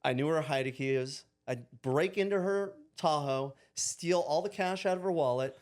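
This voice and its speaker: A man's voice: a little high, moderate pace. A middle-aged man, a podcast guest telling his own story frankly, swearing and laughing at his past. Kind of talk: candid conversational storytelling.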